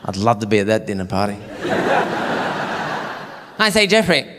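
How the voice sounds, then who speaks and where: A man's voice: fairly low pitch, big pitch swings, a little slow, heavy background noise. An Australian man doing a stand-up comedy routine, telling a brash, profane story and acting out what people said. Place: live comedy venue. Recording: echoey venue with audience laughter. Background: audience laughing.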